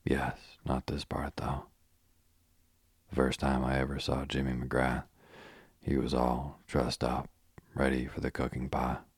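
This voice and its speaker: A man's voice: rumbling low, completely flat delivery, unhurried, long pauses, slightly rough, no echo, heavily acted. A man voicing a flippant young adventurer who jokes dryly while guiding a tour. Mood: offhand. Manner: flippant, dry joking.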